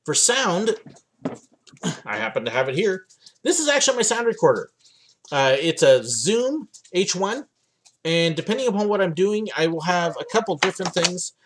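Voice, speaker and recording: A man's voice: sits high, moderate pace, slight background noise. Chatty man hosting a livestream Q&A. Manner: chatty, relaxed, lots of ums and uhs. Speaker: livestream host answering viewer questions. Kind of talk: casual livestream chat. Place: home office.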